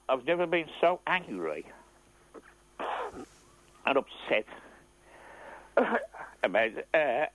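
An older man calling a radio phone-in, emotional and halting, clearing his throat. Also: fairly high pitch, very animated, a bit bright. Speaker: caller. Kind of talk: phone-in call. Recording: tinny phone line.

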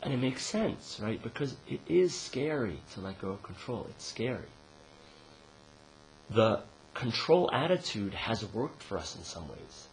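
A man's voice: sing-song, unhurried, vocal fry, a little hiss or hum, poor audio. Man giving a casual dharma talk. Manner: conversational, frequent "right?" tag questions; laughs and rises in pitch when telling a joke.

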